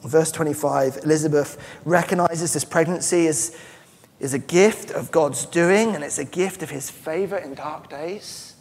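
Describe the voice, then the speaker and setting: A man's voice: fairly high pitch, normal speed, darkish tone, breathy edge. A man preaching a sermon as pastor, earnest and emphatic, often restarting his phrases. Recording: long church-hall reverb.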